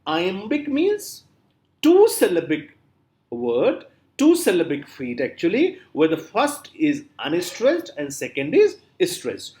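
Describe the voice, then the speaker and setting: A man's voice: sits high, wildly swooping pitch, slow pace, a little mellow. A man giving a classroom lecture, repeating example words aloud with strong stress and often saying "you know" and "uh". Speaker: literature lecturer.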